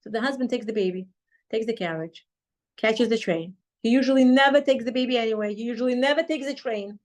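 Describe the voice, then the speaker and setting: Woman, high voice, storytelling Torah teacher, acts out dialogue. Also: fast. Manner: animated retelling, acting out quoted dialogue.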